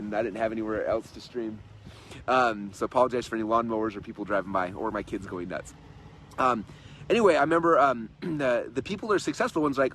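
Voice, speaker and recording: A man in his thirties giving an energetic, repetitive, persuasive motivational talk on a livestream from his in-laws' home. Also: medium pitch, slight background noise. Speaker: host and coach.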